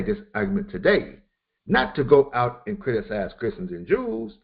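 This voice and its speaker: Brief: male religious teacher, slow and measured, rises and falls a lot, dull lo-fi recording. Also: fairly high pitch. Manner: repeats phrases for emphasis, halting restarts. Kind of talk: Quran commentary lesson.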